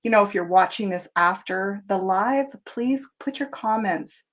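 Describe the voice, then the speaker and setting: A woman's voice: mid-range voice, measured pace. A middle-aged woman hosting a live tarot show, talking in a chatty, reflective way with plenty of fillers. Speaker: tarot reader.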